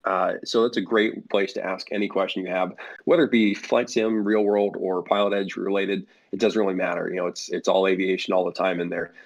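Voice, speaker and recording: A man's voice: sits low, flat delivery, a little fast, few pauses. A man speaking as a guest for a flight sim network in a casual podcast interview, rambling with many fillers and restarts. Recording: dull lo-fi audio.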